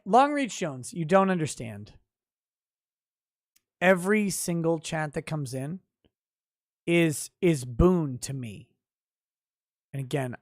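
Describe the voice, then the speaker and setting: A man's voice: no echo, clean studio sound. Profane, ranting male livestream host. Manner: profane, swings from low and mellow to loud mock-boasting rants. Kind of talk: casual livestream chat, reading viewer comments.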